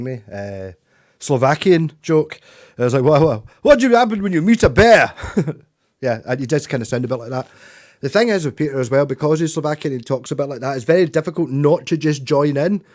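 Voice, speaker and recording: Brisk and a little mellow, a mid-range male voice with a Scottish accent rambles through a casual chat with his livestream viewers. He swears and chuckles along the way, and he's a musician who streams.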